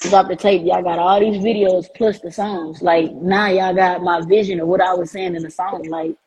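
A woman's voice: fairly low pitch, fairly even intonation, normal speed, darkish tone, slight background noise, poor audio. A woman rapper chatting casually, confident and slangy. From Alexandria, US East Coast. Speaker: rapper guest. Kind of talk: casual chat.

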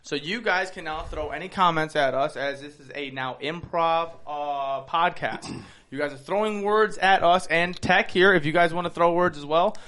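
A man hosting a casual podcast, animated and hyped as he tells stories and banters. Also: fairly high pitch, normal speed. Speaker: podcast host.

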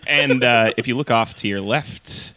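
A man's voice: medium pitch, measured pace, sharp tone, no room sound, low-quality recording. A man doing a goofy intercom pilot. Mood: playful. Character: male airline pilot giving a goofy tour announcement.

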